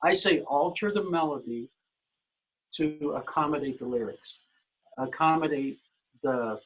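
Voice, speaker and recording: A man's voice: on the high side, measured pace, husky, low-quality recording. A man speaking as a guest expert on a video call webinar, explaining songwriting in a loose way with lots of "you know" fillers. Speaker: musical director, guest expert.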